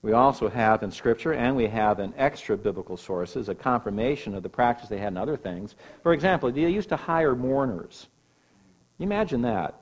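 A man's voice: mid-range voice, a little fast, breathy edge, rough recording. A man preaching a sermon, explaining scripture with emphatic stresses. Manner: emphatic teaching with rising and falling emphasis. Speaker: pastor.

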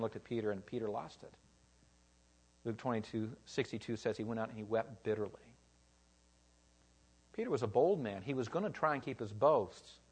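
A man preaching a sermon, telling a scripture story with animated rises for quoted lines and low, quiet drops for somber moments.

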